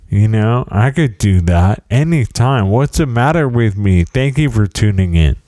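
A man's voice: lowish voice, animated, moderate pace, few pauses, warm tone, no room sound. A middle-aged man hosting a podcast, telling rambling, self-deprecating stories in a casual solo monologue. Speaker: podcast host.

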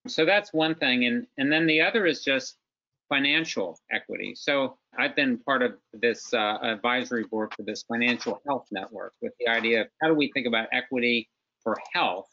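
Man, panel guest, bright tense voice, animated, lo-fi sound. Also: mid-range voice, moderate pace. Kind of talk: webinar discussion.

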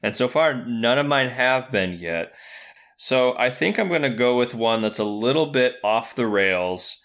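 A man's voice: mid-range voice, lively intonation, unhurried, a bit bright. A man in his thirties hosting a podcast, chatting casually and rambling with lots of fillers. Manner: rambling, many fillers and restarts. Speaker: podcast host. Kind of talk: casual chat.

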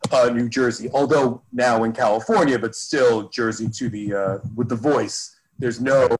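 A man's voice: medium pitch, fairly even intonation, moderate pace, a little hiss or hum, poor audio. Upbeat rambling male podcast host. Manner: upbeat, rambling with many fillers and restarts. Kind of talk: casual podcast chat.

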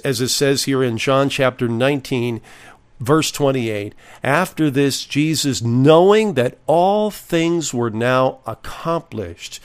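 A man preaching a sermon, reading scripture and stressing key phrases in a slow, deliberate delivery. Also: mid-range voice. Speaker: pastor.

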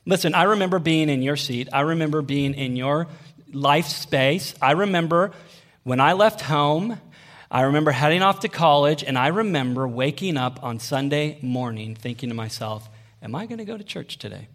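A man in his thirties preaching to young adults, lively and conversational, often pausing for the room to answer back. His voice sits a bit on the high side for a man, and he talks to the crowd like friends. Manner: animated, conversational preaching with call-and-response. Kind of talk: sermon.

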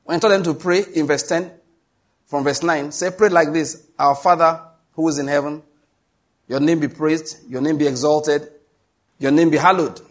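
A Nigerian man with a Nigerian accent delivers a sermon in a slightly raised, husky-edged voice with fairly even intonation. He presses his points emphatically, reads scripture slowly and deliberately, and trades jokes with the congregation.

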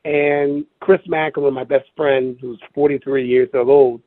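Man talking haltingly over a phone line. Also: medium pitch, fairly even intonation, no room sound. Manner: halting, hunts for words, repeats himself. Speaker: interview guest. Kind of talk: personal recollection over the phone. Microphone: telephone.

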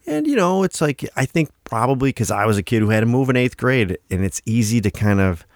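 A man's voice: mid-range voice, big pitch swings, a little fast, no room sound, clean studio sound. An American man co-hosting a podcast in casual chat, joking crudely. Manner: crude, joking, puts on mock accents. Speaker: podcast co-host.

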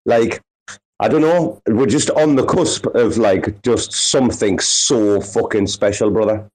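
A man's voice: on the low side, a little slow, a little mellow, breathy edge, poor audio. A man with a Sunderland accent hosting a casual chat, swearing heavily in rowdy banter. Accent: Sunderland English. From northeast England.

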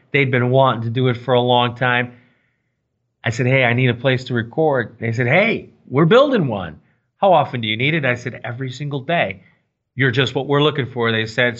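A man's voice: mid-range voice, fairly bright tone, lo-fi sound. A man hosting a tennis podcast in a casual, enthusiastic, rambling way from a small studio. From United States. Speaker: podcast host. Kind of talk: casual sports chat. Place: small library recording studio.

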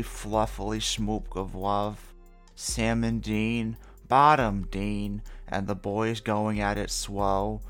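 Guy w a lowish voice reading requests out deadpan, gets loud sometimes, faint music behind. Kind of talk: comic reading of listener requests.

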